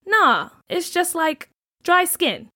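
A woman's voice: sing-song, takes it slowly, dry recording, studio quality, exaggerated voice. Adalia, a shy new girl voiced by a woman. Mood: quiet. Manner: soft, hesitant and low-key.

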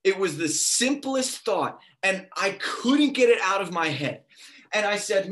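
A young man giving a sermon, telling a lively personal story and acting out the dialogue. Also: sits high, a little slow. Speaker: preacher.

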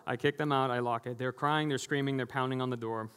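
A man in his thirties preaching in a casual, storytelling way, often breaking into laughter and filling gaps with "you know". His mid-pitched voice rings out with the long reverb of a church hall. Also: steady tone, quick pace, hardly any pauses, a bit bright, clean tone. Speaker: pastor. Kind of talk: conversational sermon with personal stories. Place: church sanctuary.

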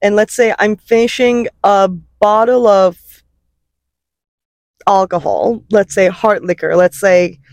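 A woman's voice: mid-range voice, steady tone, takes it slowly, no room sound. A woman co-hosting a podcast in casual chat, playful and teasing, laughing often. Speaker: podcast co-host.

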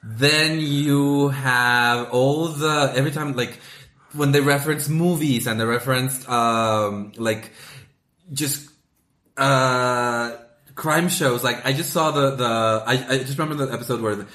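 A man co-hosting a podcast in a casual chat. He laughs often and acts out quoted lines in a high voice. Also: unhurried, bright, forceful tone. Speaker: podcast co-host. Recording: roomy echo.

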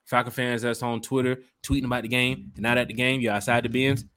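A man's voice: mid-range voice, level tone, fast, a bit bright, no echo, clean studio sound. A man hosting a casual fan podcast, hyped and slangy, talking straight to his listeners. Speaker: podcast host. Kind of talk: casual chat.

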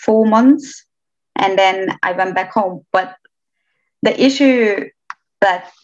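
A woman's voice: medium pitch, slow, a little mellow. Chatty young woman from Romania. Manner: chatty, hesitant restarts, laughs often. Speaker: interviewee. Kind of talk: casual interview chat. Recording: slightly dull lo-fi sound.

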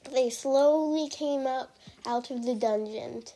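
Slow, hesitant woman storyteller. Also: high-pitched, dark tone. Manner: hesitant, with fillers and restarts. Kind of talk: improvised story narration.

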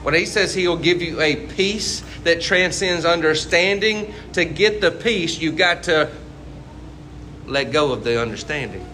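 Bright-voiced preacher man. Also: fairly high pitch, expressive, a little slow, slight background noise. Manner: conversational preaching with rhetorical questions. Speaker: pastor. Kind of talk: sermon.

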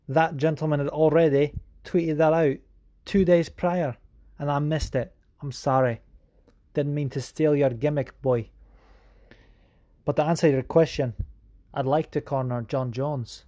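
A man's voice: a little high, dark tone, no room sound, clean studio sound. A man hosting a podcast, casually answering listener questions in a joking, profane, mock-grand way. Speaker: podcast host.

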